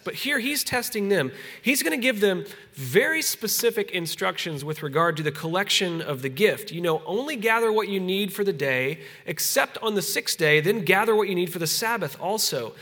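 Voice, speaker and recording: A man preaching a conversational sermon as pastor, easing soft and slow on solemn points. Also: high voice, big pitch swings.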